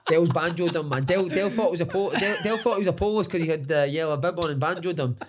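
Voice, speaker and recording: A man's voice: fairly high pitch, racing, noisy background. A Scottish man, a football coach and podcaster, telling stories with frequent swearing and laughter in a casual interview.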